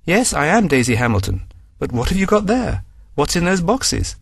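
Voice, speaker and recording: Insistent young woman in a story, done by a guy, higher pitch, no room sound. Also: big pitch swings, moderate pace, vocal fry, husky, no room sound, clean studio sound, heavily acted. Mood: puzzled. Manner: insistent, growing aggressive. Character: determined young businesswoman, Daisy.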